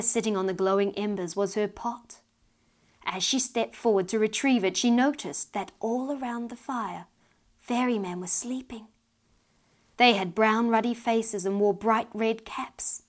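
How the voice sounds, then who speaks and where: A woman reads a fairy story aloud in a mid-pitched voice. Her telling is lively and expressive, rising in energy at the tense moments. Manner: lively, expressive reading that rises with tension. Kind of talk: storybook narration read aloud.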